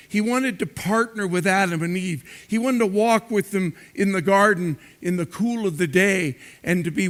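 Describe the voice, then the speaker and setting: A man preaching a sermon as pastor, slow and emphatic, repeating words for stress. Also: high voice.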